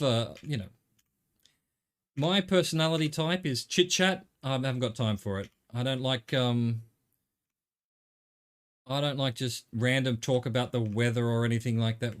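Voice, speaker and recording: A middle-aged man with an Australian accent, chatting casually and wryly to his viewers while he plays a game. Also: medium pitch. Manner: rambling, wry, jokey asides to chat. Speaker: game streamer. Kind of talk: casual live-stream chatter while gaming.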